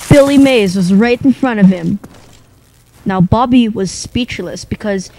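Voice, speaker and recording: A young man telling a rambling, improvised comic story in a deadpan way, pausing often. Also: high voice, a little hiss or hum, low-quality recording. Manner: rambling, deadpan, with long pauses.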